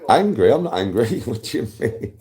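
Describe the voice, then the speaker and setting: A British man hosting a casual morning livestream, animated, laughing often and talking straight to his chat. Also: mid-range voice, moderate pace. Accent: British English. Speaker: livestream host.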